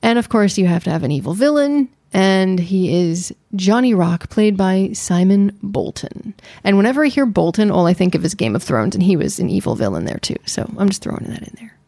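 A woman's voice: mid-range voice, lively intonation, a little fast, creaky, hardly any pauses, mellow, no echo, studio quality. A woman co-hosting a podcast in casual, playful chat with her wife. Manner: playful, teasing, chatty. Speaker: podcast co-host.

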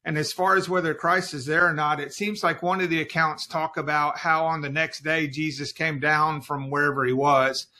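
A man's voice: fairly high pitch, little pitch movement, normal speed, hardly any pauses, pushed and bright. A man who is a guest on a Bible study podcast, explaining passages in an earnest way.

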